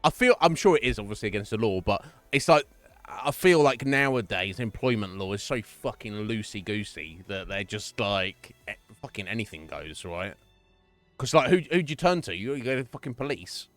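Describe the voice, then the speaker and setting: A man streaming live and chatting casually with viewers, chatty and profane and quick to laugh, from a home setup. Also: fairly low pitch, expressive, a bit bright, no room sound, soft background music. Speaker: Twitch streamer.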